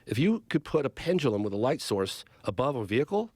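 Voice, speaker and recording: Man, middle-aged, podcast guest, animated storyteller, lively pitch, dry studio sound. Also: a little fast, husky, dry recording. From Northern California. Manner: vivid, excited retelling with acted-out quotes. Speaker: podcast guest, documentary filmmaker. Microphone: studio podcast mic.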